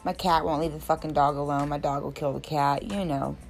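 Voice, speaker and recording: A woman with a notably low voice rants about her day, exasperated and blunt, swearing freely. Faint music plays behind her. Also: steady tone, a little fast, creaky. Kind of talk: casual profane rant.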